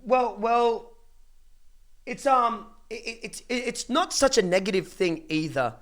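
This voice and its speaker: A man's voice: high voice, expressive, measured pace, a bit bright. A young man ranting casually to his livestream chat, blunt and profane, with many restarts. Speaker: streamer.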